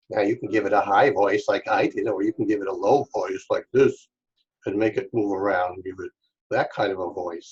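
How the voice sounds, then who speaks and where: A man's voice: lowish voice, a little mellow, dull audio. A man from Staten Island teaching an online children's craft lesson, patient and step by step, talking straight to the kids. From Staten Island, New York. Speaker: art teacher.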